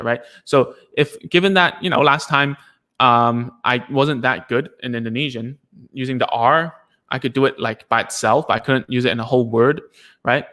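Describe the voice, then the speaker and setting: A young man explains child speech to parents in a loose, chatty teaching style. He restarts sentences, leans on fillers and says sample words aloud to show how they sound. His voice sits at an ordinary middle pitch. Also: sharp tone. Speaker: speech coach. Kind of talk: casual explanatory lesson.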